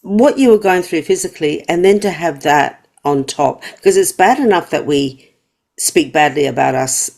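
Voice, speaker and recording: Low-voiced woman host. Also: normal speed, creaky, a little mellow. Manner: empathetic, affirming. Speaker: podcast host. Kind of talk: interview hosting.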